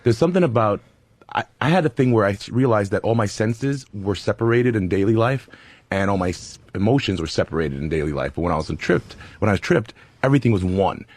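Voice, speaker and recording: A man talking as a guest on a radio show, laid-back and reflective, musing slowly. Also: on the low side, lively intonation, a little mellow, no room sound. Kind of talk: casual chat. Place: radio studio.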